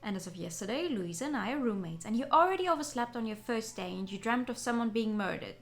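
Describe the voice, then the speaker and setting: A woman on a gaming stream, reading a visual novel aloud with excitable, giggly reactions. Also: a little high, fast talker, soft background music. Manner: excitable, giggly, swears casually.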